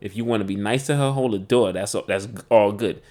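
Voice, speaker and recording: A man's voice: lowish voice, a little fast, a little mellow. A man co-hosting a podcast in casual chat, laid-back and slangy, turning reflective. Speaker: podcast co-host.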